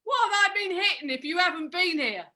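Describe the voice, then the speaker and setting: A woman's voice: extremely high pitch, animated, a little fast, sharp tone, exaggerated voice. A woman playing a brash blind boxing coach. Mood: puzzled. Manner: barks boxing patter and count-downs, calls everyone mate. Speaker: improv performer. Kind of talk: improvised comedy sketch.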